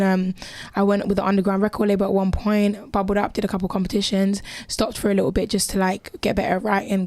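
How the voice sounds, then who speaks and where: A young woman born in Jamaica who talks with a South London accent, chatting about her music on a radio show. She speaks quickly and animatedly, dropping slang like "innit" as she goes. The sound is dry and close, with no room around her. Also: mid-range voice, a little mellow, no room sound. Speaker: musician guest. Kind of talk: casual radio interview.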